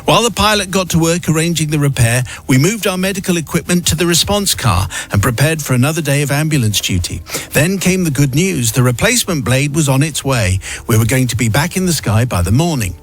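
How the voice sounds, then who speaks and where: A radio host reading a listener's letter aloud in a wry, dryly theatrical storytelling manner. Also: male voice, on the high side, lively intonation, a little fast, soft background music.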